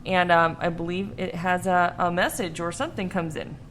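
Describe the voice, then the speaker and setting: A woman's voice: fairly low pitch, fairly even intonation, moderate pace, fairly bright tone, a little hiss or hum. A woman hosting a podcast in casual chat, laughing often and swearing freely. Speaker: podcast host.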